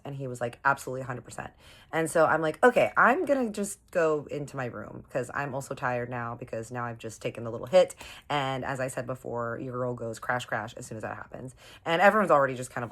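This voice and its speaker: A young woman with an unusually low, deep voice tells a long storytime. She talks casually and dramatically, calling her viewers y'all. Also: a bit bright. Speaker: storytime vlogger.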